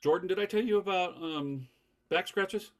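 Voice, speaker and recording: A man hosting a casual podcast chat, animated and laughing often as he leads the talk. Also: high voice, normal speed, slight background noise. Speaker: podcast host.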